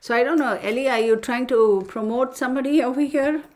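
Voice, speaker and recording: A middle-aged woman hosting a tarot livestream, chatting casually with viewers and telling stories in an excitable, chatty way. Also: high-pitched, a little fast.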